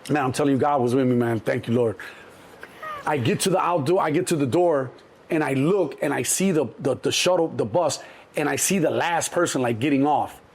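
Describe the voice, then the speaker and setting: A middle-aged man, telling stories as an interview guest in a lively, profane way and acting out other people's voices. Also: brisk. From Chicago. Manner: animated, acts out other people's voices in a higher pitch, profane. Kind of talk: storytelling in an interview.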